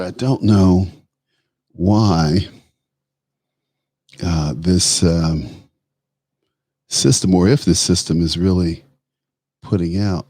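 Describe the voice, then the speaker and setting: A man hosts his own political talk show, delivering solo commentary animatedly, laughing as he talks and tossing in blunt asides. His voice is low, gravelly, and a little breathy. The studio-quality recording has no echo.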